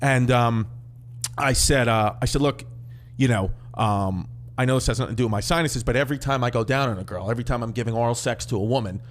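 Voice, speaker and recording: This man speaks quickly in a mid-range voice with a New York accent. He's a comedian guest on a podcast, telling crude, animated stories and doing the voices of the characters.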